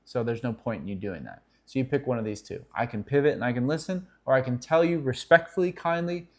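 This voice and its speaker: A middle-aged man talking straight to his viewers in an earnest advice-giving way. His pitch sits in the middle for a man. He keeps acting out little example conversations, and he often restarts his sentences. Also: animated, fast, hardly any pauses, darkish tone. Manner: earnest, acts out example dialogue, many restarts. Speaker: counselor and video host. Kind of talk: direct-to-camera advice talk.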